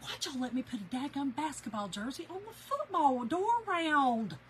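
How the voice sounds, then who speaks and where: A woman's voice: high voice, normal speed, slight background noise, low-quality recording. A woman, chatting casually with her livestream viewers from home and telling stories with lots of laughter. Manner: chatty, animated storyteller, laughs often. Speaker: craft channel host.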